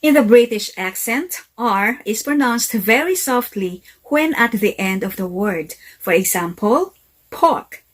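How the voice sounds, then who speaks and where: A woman giving a scripted English lesson, speaking deliberately and carefully. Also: fairly high pitch, animated. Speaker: English teacher. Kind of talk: slow scripted lesson narration.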